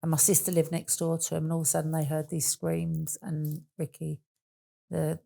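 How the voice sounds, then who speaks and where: A woman's voice: deep voice, completely flat delivery, normal speed, gravelly, dark tone. A woman, chatting as an interview guest and telling rambling stories with easy laughs. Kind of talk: casual storytelling chat.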